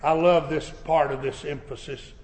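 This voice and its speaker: A man preaching a sermon, swelling into shouted emphasis, recorded in a church sanctuary. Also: a little high, steady tone, moderate pace. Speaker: pastor. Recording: echoey church hall.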